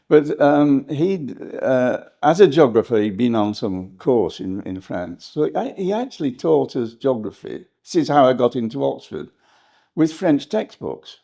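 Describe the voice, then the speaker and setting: An older English historian reminiscing in an interview, rambling and hesitant, with frequent laughs. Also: male voice, mid-range voice, very animated, unhurried, vocal fry, mellow. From England. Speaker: historian guest.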